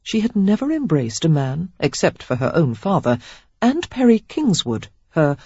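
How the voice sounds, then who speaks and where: A woman narrating a romance audiobook in an expressive, steady storytelling manner. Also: deep voice, moderate pace, husky, no room sound, lo-fi sound. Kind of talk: scripted narration.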